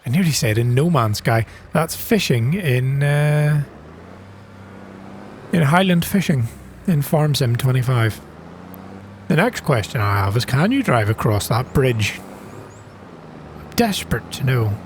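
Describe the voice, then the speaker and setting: A man talks casually through a farming game at an ordinary, mid-range pitch. He is chatty and self-mocking, and he breaks into sharp gasps when something surprises him. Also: expressive, a little slow, long pauses, a little hiss or hum. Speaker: gaming channel host. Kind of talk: casual gameplay commentary.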